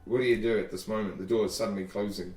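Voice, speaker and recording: A man running a tabletop game as game master, narrating scenes with a few halting restarts. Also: on the low side, fairly even intonation, a little mellow, faint music behind. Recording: roomy, distant mic.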